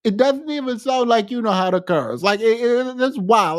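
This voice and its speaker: A man's voice: high-pitched, big pitch swings, a little fast, few pauses, no room sound, clean studio sound. A man co-hosting a podcast, mocking a clip in casual commentary and laughing often. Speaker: podcast co-host.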